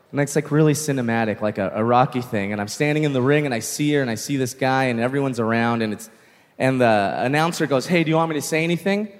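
Male stand-up comedian, young adult, high-pitched, animated storytelling, long hall reverb. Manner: animated storytelling, shouting punchlines. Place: comedy stage with live audience.

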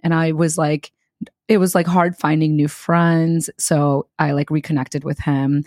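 A woman's voice: low voice, little pitch movement, measured pace, a little mellow, dry recording, studio quality. A young woman co-hosting a podcast, telling a story casually and acting out the quotes with laughter. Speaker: podcast co-host. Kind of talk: casual chat.

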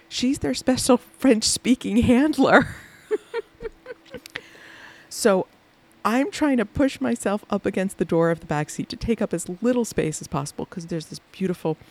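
A woman hosting a podcast, telling a lively anecdote about her day, laughing often and acting out the people she quotes. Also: medium pitch. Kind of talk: animated anecdotal storytelling.

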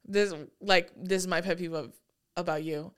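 A young woman in easy, casual conversation. Her voice is notably smooth and clean. She swears offhandedly and slips into quick quoted asides. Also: on the low side, fairly even intonation, fairly bright tone. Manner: swearing, chatty, quotes people in put-on lines. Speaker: podcast co-host. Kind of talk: casual chat.

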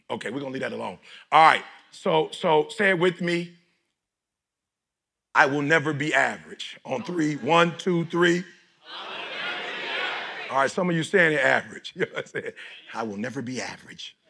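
A middle-aged man from Detroit giving a preachy motivational speech to a live audience, often shouting and leading call-and-response. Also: fairly high pitch, gravelly, husky. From Detroit, United States. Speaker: motivational speaker.

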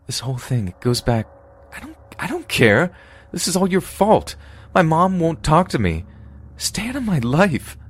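A man's voice: on the low side, animated, unhurried, pitched above the performer's own voice. A man doing a sobbing young woman. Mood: distraught. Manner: crying, pleading. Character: tearful guilt-ridden young woman.

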